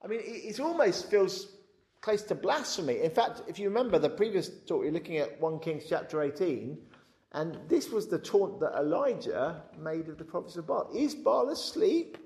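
A man giving a conversational Bible teaching, frank and lively, often repeating his words as he talks. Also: fairly high pitch, moderate pace. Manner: frank, animated, repeats words, acts out quotes.

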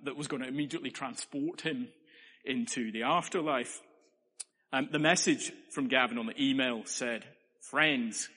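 A man's voice: mid-range voice, a bit bright. Man preaching in a reverberant church. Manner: earnest, conversational, playful asides. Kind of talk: sermon.

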